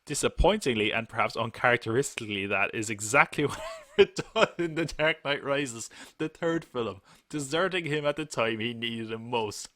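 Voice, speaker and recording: Sharp-toned rambling podcast host. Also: male voice, medium pitch, normal speed, no room sound, clean studio sound. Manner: rambling, joking, laughs often. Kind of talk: casual live podcast chat.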